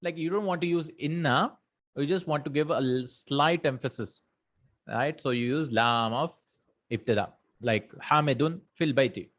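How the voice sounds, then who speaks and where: A man's voice: a little high, normal speed, fairly bright tone. A man teaching an Arabic grammar lesson, explaining step by step, reading out example sentences and translating them, and often checking in with "right?" and "hmm?".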